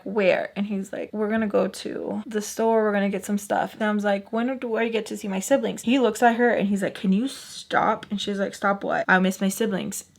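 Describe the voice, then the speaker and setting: A young woman chatting through a personal story as a vlogger, quoting everyone in quick back-and-forth and sometimes dropping to a hushed aside. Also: medium pitch, vocal fry. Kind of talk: casual storytelling while doing makeup.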